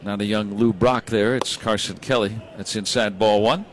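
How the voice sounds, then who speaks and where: A man calling baseball play by play, brisk and rising when big plays happen. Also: fairly low pitch, steady tone, slight background noise. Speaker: play-by-play announcer.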